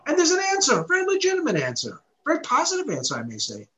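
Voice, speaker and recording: A man's voice: extremely high pitch, wildly swooping pitch, fast, a bit bright, low-quality recording. A man giving an expository Torah lesson, explaining step by step, reciting Hebrew verses and posing rhetorical questions. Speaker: Torah teacher.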